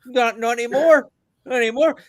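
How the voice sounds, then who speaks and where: A veteran calling in to a podcast, talking casually in an animated, joking, profane rant. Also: male voice, very high-pitched, fairly quick, no room sound, clean studio sound. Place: abroad, remote from the hosts.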